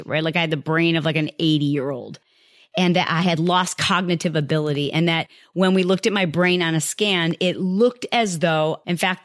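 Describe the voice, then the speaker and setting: A woman's voice: lowish voice, no room sound, studio quality. A woman hosting a podcast, talking candidly and casually to her listeners about habits, often acting out her own past thoughts. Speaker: podcast host. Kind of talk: casual motivational monologue.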